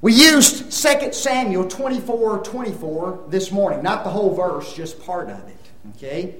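Older guy preaching, high voice that swoops up and down a lot, acts out little scenes, keeps asking the crowd stuff. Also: moderate pace, reverberant, poor audio. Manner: animated storytelling, acts out dialogue, asks the audience questions. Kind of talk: sermon.

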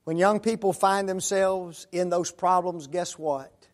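A man preaching a sermon who asks rhetorical tag questions and swings between loud declarations and hushed asides. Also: sits high, steady tone, a little slow.

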